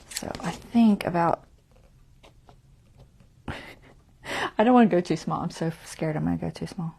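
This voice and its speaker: A woman's voice: lowish voice, moderate pace, vocal fry, long pauses, warm tone, breathy edge. A woman hosting a casual craft tutorial livestream, chatty and self-deprecating, talking herself through each step and muttering half-whispered asides.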